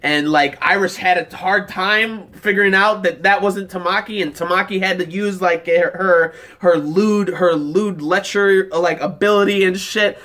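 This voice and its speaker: A man's voice: sits high, fairly even intonation, unhurried, few pauses, sharp tone. A man giving a casual, rambling, enthusiastic episode review, with lots of "like" fillers. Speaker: anime reaction reviewer.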